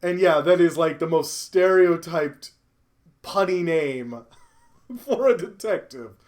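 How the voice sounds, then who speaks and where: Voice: medium pitch, takes it slowly. A streamer playing a story game who reads its lines and cuts in with jokes, swearing and frequent laughter. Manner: joking, swears, laughs a lot. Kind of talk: game reading and commentary. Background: game music.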